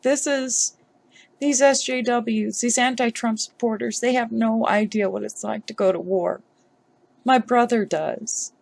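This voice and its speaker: A woman vlogger giving emotional commentary on a news story, upset and halting, with sighs. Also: on the high side, fairly even intonation, creaky, darkish tone.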